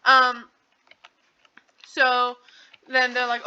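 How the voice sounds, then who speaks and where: Woman, casual movie recap, rambling, lots of fillers, high voice, dull lo-fi audio. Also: steady tone, moderate pace, pushed and bright. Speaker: channel host. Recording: dull lo-fi recording.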